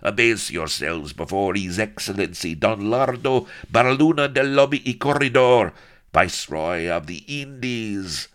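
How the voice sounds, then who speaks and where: A high, squealing, fawning little courtier, all cringing servility and nervous yips. The voice is pitched far above the deep, gravelly tone of its performer. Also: male voice, sing-song, slow, bright, forceful tone, full character voice. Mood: panicked fawning. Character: fat, fawning, cowardly little male chamberlain. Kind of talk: audiobook character voice.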